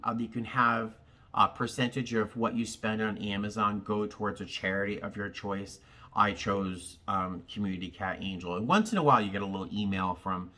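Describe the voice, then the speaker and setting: A man from Massachusetts talks straight to his viewers in a casual, heartfelt vlog. He halts and rambles, stacking ums and restarts as he searches for words. His voice sits on the lower side but comes through bright and forward. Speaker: vlogger. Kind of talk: casual direct-to-camera chat.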